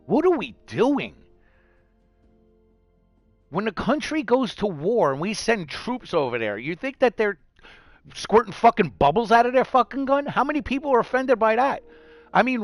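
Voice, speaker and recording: A fired-up man rants to camera in a raised, gravelly voice that swings wildly up and down. He swears freely and jumps between scornful put-on voices. The sound is dry and close, with faint music underneath. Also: sits high, no echo. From New York. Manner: heated, profane ranting with mocking put-on voices. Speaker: gaming vlogger. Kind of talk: angry rant to camera.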